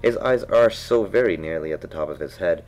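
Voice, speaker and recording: A man's voice: sits low, animated, brisk, darkish tone, faint music behind. A man voicing a polite, curious young girl in a storybook reading. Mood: pleading. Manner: polite, pleading, timid.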